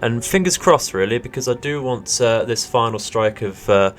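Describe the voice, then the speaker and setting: A man's voice: medium pitch, moderate pace, faint music behind. A young Englishman hosting a let's play, commenting casually on the game with lots of hesitant fillers. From England. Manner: chatty, hesitant with many fillers, bursts of delighted laughter.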